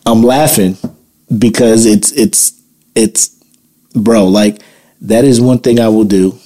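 A podcast host in a heated opinion monologue, blunt and profane. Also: male voice, lowish voice, steady tone, slow pace, pauses often, dark tone.

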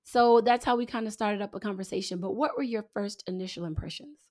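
A woman's voice: medium pitch, fast talker, darkish tone. A woman in her forties hosting a podcast, chatting casually and playfully teasing her guest. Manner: playful teasing, laughing often. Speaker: podcast host.

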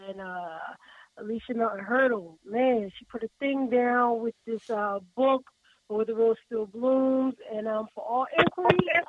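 A man joining the show, chatting enthusiastically and giving shout-outs. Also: very high-pitched, a little slow, no room sound. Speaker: co-host judge. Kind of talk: casual chat. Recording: tinny phone-like line.

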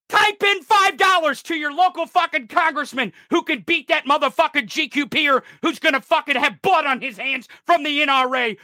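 A man in his thirties from rural America delivering a furious, profane political rant, often shouting. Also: extremely high pitch, no echo, clean studio sound. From rural United States. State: enraged.

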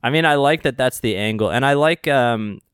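Podcast guy w a smooth clear voice, rambles and hedges, dry mic. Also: medium pitch, moderate pace, a bit bright, no echo. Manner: rambling and hedging, stops to rephrase. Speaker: podcast co-host. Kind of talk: casual chat discussing a show.

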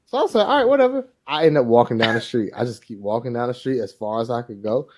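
A man's voice: medium pitch, quick pace, background noise. A man co-hosting a podcast, telling a childhood story in casual chat and acting out the voices of the people in it. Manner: animated storyteller, acts out quoted voices. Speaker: podcast co-host.

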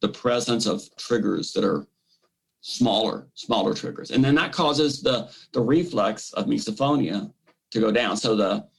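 A man, a misophonia therapist, explains treatment in an interview, speaking in a lively way and acting out inner voices in quotes. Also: fairly low pitch, measured pace, gravelly, slightly rough, rough recording. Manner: animated, acts out the brain's voice in quotes.

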